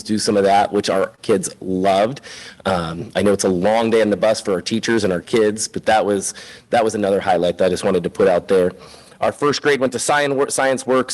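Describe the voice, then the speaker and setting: A man with a somewhat low voice gives a spoken report as a school principal at a board meeting. He sounds chatty and upbeat, keeps things informal, and drops in plenty of "um"s and "uh"s. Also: poor audio.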